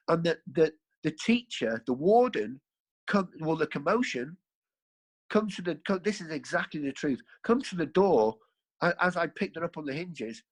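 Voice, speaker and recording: A man's voice: on the high side, big pitch swings, normal speed, rough recording. A man, a podcast guest, telling his life story in a rambling, earthy way, correcting himself as he goes. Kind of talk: candid storytelling.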